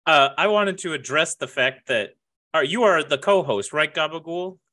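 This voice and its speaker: A man's voice: a little high, normal speed, bright, forceful tone. A man playing a grumpy, self-important guest who grumbles dryly. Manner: dry, grumbling, reluctant.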